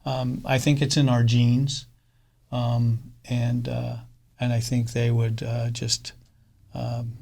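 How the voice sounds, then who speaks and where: A middle-aged man speaking in a casual interview as a fund co-founder, halting often with fillers and restarts. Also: mid-range voice, monotone, creaky, darkish tone.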